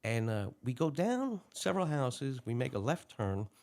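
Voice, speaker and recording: Animated older man. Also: medium pitch, normal speed. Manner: animated, acts out dialogue in a raised voice. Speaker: retired police lieutenant, guest. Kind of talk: storytelling interview.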